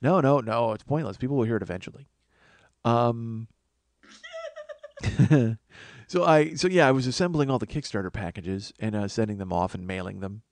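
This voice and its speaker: A man's voice: medium pitch, expressive, normal speed, long pauses, no echo. A man hosting a comedy podcast alone, rambling in a self-mocking way, losing his train of thought and sounding tired from lack of sleep. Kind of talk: rambling solo comedy monologue.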